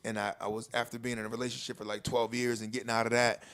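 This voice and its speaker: A man's voice: medium pitch, little pitch movement, rapid-fire, a bit bright. A middle-aged man co-hosting a podcast in casual chat, loose and profane, laughing often. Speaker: podcast co-host.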